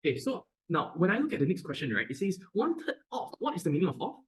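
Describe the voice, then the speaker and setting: A man's voice: high-pitched, big pitch swings, fast talker, low-quality recording. A male math tutor with a Singaporean English accent who teaches animatedly and keeps asking if the class understands.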